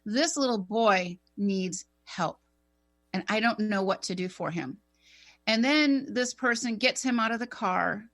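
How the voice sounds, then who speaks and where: Bright-voiced woman telling an emotional story. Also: mid-range voice, unhurried. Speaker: guest telling a personal story. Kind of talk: emotional personal storytelling on talk radio.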